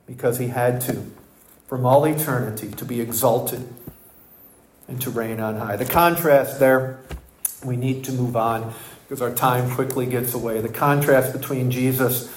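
A man's voice: medium pitch, steady tone, a little slow, echoey room, slight background noise, low-quality recording. A man preaching a sermon in a church, emphatic and full of rhetorical questions. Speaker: pastor.

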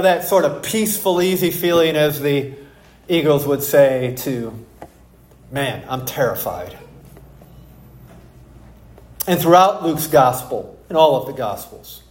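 A man with a slightly high voice preaches a sermon, reading scripture and then telling stories with emphatic, animated delivery. The sound rings out with a roomy echo, as in a church sanctuary. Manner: storytelling, emphatic and animated in anecdotes. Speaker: pastor.

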